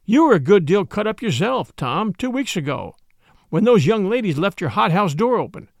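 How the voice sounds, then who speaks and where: A man's voice: high voice, sing-song, moderate pace, vocal fry, dry recording, studio quality, full character voice. A man reading as an earnest, indignant stable groom. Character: stern grieving male groom, adult.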